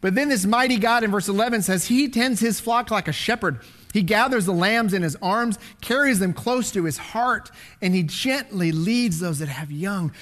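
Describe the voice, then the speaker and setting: High-voiced man preaching a dramatic sermon. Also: normal speed. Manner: dramatic, swings from loud declaring to hushed whispers. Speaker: pastor.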